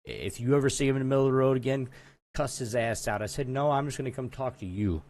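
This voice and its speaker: A man co-hosting a casual podcast, wandering through a story with many asides. His voice sits in an ordinary middle pitch. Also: fast talker, darkish tone. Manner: rambling storyteller, lots of filler and restarts. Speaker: podcast co-host. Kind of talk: casual chat.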